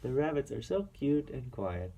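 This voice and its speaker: A man reading a children's picture book aloud to a young child as a reading teacher, playful, with animal sounds and soft whispers. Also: medium pitch, very animated, normal speed, creaky.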